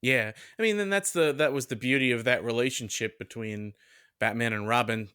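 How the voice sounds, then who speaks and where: Man, podcast co-host, eager casual chat, mid pitch, dry close sound. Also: a little fast, sharp tone, smooth, dry recording. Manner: enthusiastic, lots of "like".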